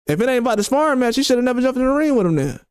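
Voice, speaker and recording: A man's voice: very high voice, sing-song, very fast, a little mellow, clear, resonant tone, no echo, studio quality. A man hosting boxing commentary, talking heatedly and repeating rhetorical questions.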